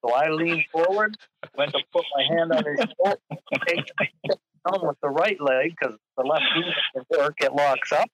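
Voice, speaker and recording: A man's voice: fairly high pitch, normal speed, a bit bright, slightly rough, rough recording. An older man, a father, retelling a hunting mishap step by step on a podcast. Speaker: guest, father in the story. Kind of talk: casual podcast storytelling.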